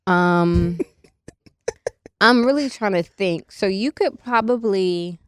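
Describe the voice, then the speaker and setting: Speaking at an unhurried pace with a medium-pitched, clean voice, a woman in her 30s shares stories on a casual podcast she co-hosts. Her delivery is frank and relaxed, full of fillers, and the studio sound is dry and clean.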